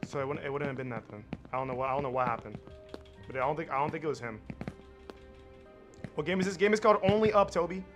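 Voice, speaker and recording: Higher-voiced man streaming, music behind. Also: fast, pauses often, a bit bright. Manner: repeats himself while thinking aloud. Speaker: game streamer. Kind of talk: casual gaming stream talk.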